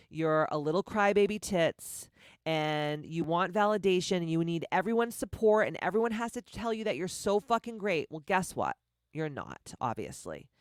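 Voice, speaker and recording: A woman with a deep voice hosting a motivational podcast, blunt, profane and confrontational, firing off repeated rhetorical questions. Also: dry recording, clean studio sound. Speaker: podcast host.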